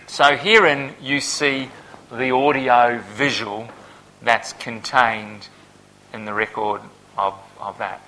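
A man preaching a Bible sermon who swells to loud, emphatic peaks and then drops back to a low, quiet delivery. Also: fairly even intonation, takes it slowly, poor audio.

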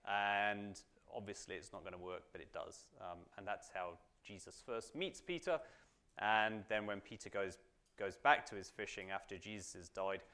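Chatty man with a slightly low voice. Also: a bit bright. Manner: chatty, frequent fillers and tag questions. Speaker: Bible study teacher. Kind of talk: informal teaching talk to a group.

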